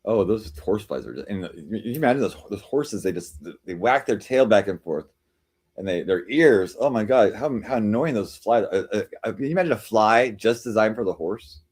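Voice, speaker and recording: A man's voice: on the low side, lively intonation, moderate pace, darkish tone, slightly rough. A man hosting a live stream, chatting casually with viewers and reading their comments, rambling and teasing as he jumps from joke to joke. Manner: rambling, teasing, jumps between jokes and chat replies.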